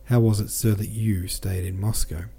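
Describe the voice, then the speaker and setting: A gentle little peasant soldier speaks in a tender sing-song. A man voices him in an audiobook reading, his tone low and warm. The manner stays soft and caressing throughout. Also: fairly even intonation, moderate pace, creaky, husky, heavily acted. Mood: gentle, kindly.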